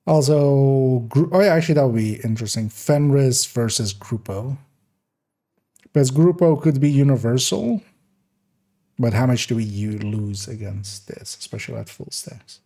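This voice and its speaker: A man's voice: medium pitch, expressive, moderate pace, vocal fry, mellow. A man streaming a game live, in casual commentary, thinking aloud hesitantly as he works through numbers.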